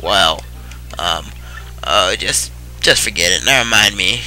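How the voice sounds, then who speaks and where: Casting: skittish young turtle, read by a man, halting and apologetic, crisp bright tone. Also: low voice, voice pushed down, heavily acted, poor audio. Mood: timid. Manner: stammering, hesitant, apologetic. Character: shy nervous young male Koopa turtle.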